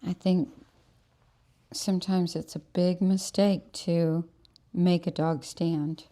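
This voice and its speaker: A woman with a lowish, steady, mellow voice takes her time as she speaks. She's a dog groomer giving an instructional demo in a grooming salon, explaining her technique while coaxing and praising the dog she's working on.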